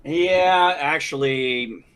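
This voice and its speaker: A man in a casual online panel chat, gruff and blunt, swearing freely. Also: a little high, drawn-out words, a bit bright, a little hiss or hum, rough recording.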